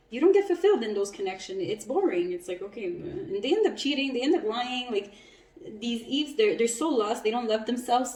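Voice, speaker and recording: Warm-voiced woman giving a chatty tarot reading. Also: mid-range voice. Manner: chatty, laughs often, swears casually. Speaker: tarot reader. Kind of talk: casual spiritual tarot reading. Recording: roomy echo, mic at a distance.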